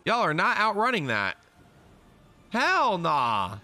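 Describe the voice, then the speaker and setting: A young man streaming a live anime reaction, excitable and slangy, swearing often as he comments. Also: sits high, takes it slowly.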